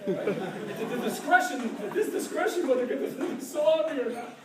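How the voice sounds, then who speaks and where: A middle-aged man from Ottawa, a professor, telling a lively anecdote with frequent laughs and asides of "right?". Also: very high-pitched, brisk, background noise. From Ottawa, Canada. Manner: animated, laughs often, keeps asking "right?". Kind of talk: storytelling anecdote. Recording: echoey room, distant mic, crowd chatter.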